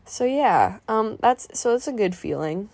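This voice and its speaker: A woman's voice: mid-range voice, animated, a little slow, vocal fry, darkish tone, no echo. A woman in her mid-twenties chatting through a painting video voiceover, rambling, losing her train of thought and speaking openly about her feelings. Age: 20s. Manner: openly emotional and sentimental. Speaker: art vlogger narrating a painting video. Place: voice-over recorded apart from the painting footage.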